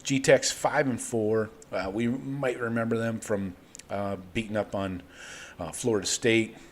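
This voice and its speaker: A man's voice: lowish voice, fairly even intonation, unhurried, slight background noise. Loose-talking man hosting a sports show. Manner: loose, rambling, profane. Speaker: host. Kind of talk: casual sports betting talk.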